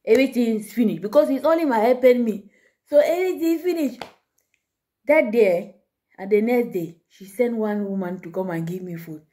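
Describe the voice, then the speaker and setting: A woman's voice: on the high side, normal speed, dark tone. A woman vlogger telling a story to her viewers in broken English, chatty and amused, laughing often.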